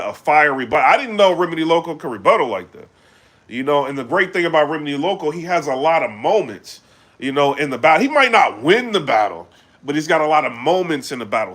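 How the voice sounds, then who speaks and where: A man chatting casually on a live stream, animated and full of fillers, breaking into loud shouts when he gets excited. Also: on the high side. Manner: animated, loose, full of fillers like "you know what I'm saying". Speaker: battle rap commentator.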